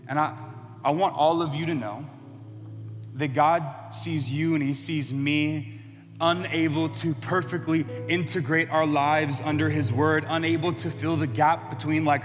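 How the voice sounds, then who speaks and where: A man's voice: a little high, steady tone, unhurried, long reverb tail, soft background music. A man preaching a sermon in an earnest way that builds to impassioned emphasis.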